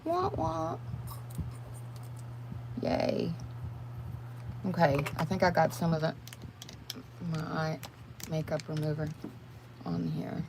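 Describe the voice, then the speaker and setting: With a low, creaky voice and a flat delivery, an older livestream host talks slowly and pauses often. She rambles casually to her viewers, calling them y'all, as she does her makeup in a noisy home setting.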